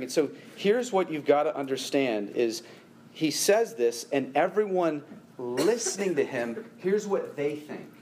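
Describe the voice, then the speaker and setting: A man preaching a sermon to a congregation, animated, rising in pitch and force when he presses a point. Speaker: pastor.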